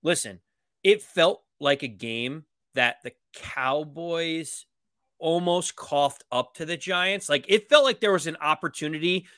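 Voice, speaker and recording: A man talking football on a podcast with a bright, forceful tone. He argues his points with emphatic energy, and the sound is dry and close. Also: a little high, a little slow, no room sound. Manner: animated, emphatic game analysis. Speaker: podcast co-host. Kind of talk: casual sports podcast chat.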